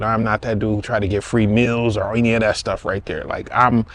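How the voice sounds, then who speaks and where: A man's voice: lowish voice, steady tone, brisk, hardly any pauses, fairly bright tone. A man hosting a storytime vlog who tells a dating story in a comedic, slangy, conversational way. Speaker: storytime host.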